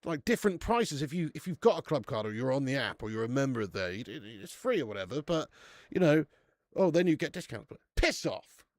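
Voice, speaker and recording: Streaming live from a warm room at home, a British-accented man reviews beer, keeping the chat casual, joking with his audience and cursing without restraint. He speaks in a mid-range, sing-song voice, a little fast, with no echo.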